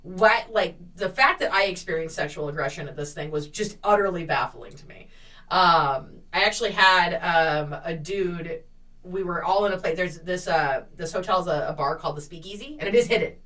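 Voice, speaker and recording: Profane, bright-voiced woman telling a story. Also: lowish voice, moderate pace, far from the mic. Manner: profane, animated storytelling with acted-out quotes. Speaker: podcast co-host. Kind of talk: casual storytelling chat.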